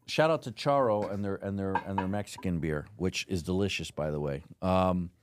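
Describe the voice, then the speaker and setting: Hosting a relaxed podcast interview, a man tells stories with animation, performing different voices as he goes. His voice is low and his speed normal, with a noisy background.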